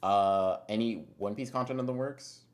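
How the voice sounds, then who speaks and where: A man's voice: on the low side, normal speed. A man streaming live, reading chat aloud and answering in a laid-back, slangy, rambling way, swearing casually now and then.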